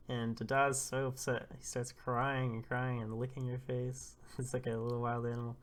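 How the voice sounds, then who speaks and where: A man hosts a live comic readthrough, casually narrating a chapter while laughing and reacting as he goes. He's animated and often blurts out responses, speaking in a mid-range voice at a moderate pace with few pauses.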